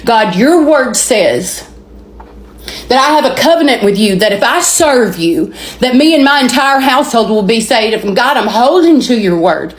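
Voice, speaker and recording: A woman's voice: fairly high pitch, expressive, normal speed, natural voice. A woman voicing her devout mother in earnest prayer, with a Southern accent. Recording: roomy echoey recording.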